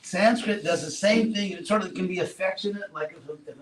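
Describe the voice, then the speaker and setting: A man giving a relaxed classroom talk, asking his students questions and adding playful asides. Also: high-pitched, brisk, a crowd in the background. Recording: roomy echo, far from mic, faint noise.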